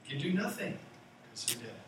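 A man's voice: a little high, big pitch swings, quick pace, noisy background. A man preaching a sermon as a pastor, conversational, with playful asides. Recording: roomy echo from far off.

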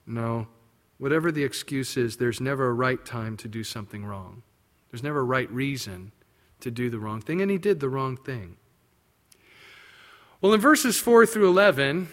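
A man preaching a sermon, explaining a Bible passage and acting out the quoted lines in a raised voice, then dropping low and quiet to stress his point. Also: expressive, unhurried. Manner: drops low and quiet for emphasis. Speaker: pastor.

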